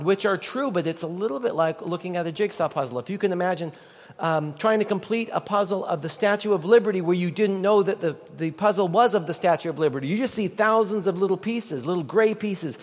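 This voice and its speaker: High-voiced pastor in a hall. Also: male voice. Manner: conversational, joking with the congregation. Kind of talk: sermon. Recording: long reverb of a large hall.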